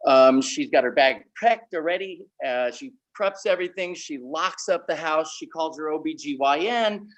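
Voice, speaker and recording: A man performing a dark comic story at an open-mic night, building it deadpan toward a shock punchline. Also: on the high side, rough recording. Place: small stage venue.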